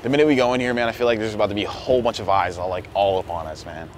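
Young man pranking, low voice. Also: rapid-fire, slight background noise. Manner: pleading and playfully provocative. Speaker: prank video host. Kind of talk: casual prank banter.

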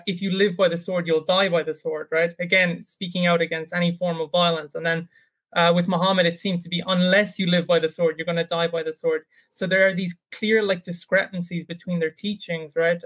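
A man's voice: sits high, a bit bright. A man answers on a video call during a debate. He speaks hesitantly, restarting often as he works through his reasoning. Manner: hesitant, many fillers and restarts, reasoning aloud. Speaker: Christian panelist in a debate.

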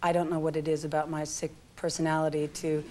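A woman in her forties with a deep, low voice chats as a talk show guest, telling lively stories and laughing now and then. Faint noise hums under the studio sound. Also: fast. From California. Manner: chatty storyteller, laughing often. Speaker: guest actress.

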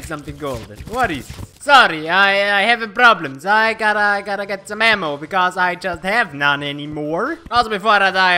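A man commentating his own gameplay in an excitable, swearing way. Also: high voice. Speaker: gaming YouTuber.

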